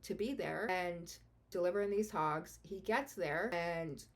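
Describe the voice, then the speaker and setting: Woman podcast host, lowish voice, casual true-crime storyteller, blunt and profane. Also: measured pace. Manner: blunt, swears freely, gets openly indignant.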